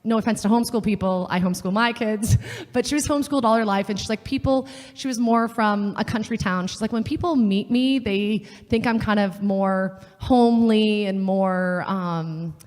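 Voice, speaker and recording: A woman gives a faith talk at a women's gathering, earnest and chatty, slipping into little acted voices when she quotes people. Her voice sits at an ordinary middle pitch and rings with the long reverb of a large hall or chapel. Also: normal speed, a little mellow. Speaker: speaker at a women's session. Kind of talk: faith talk to a live audience.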